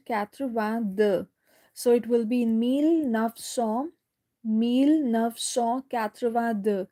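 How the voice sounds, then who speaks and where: A woman teaching French in a live online lesson, going slowly step by step, repeating words and checking in with "right?". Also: fairly high pitch, mellow.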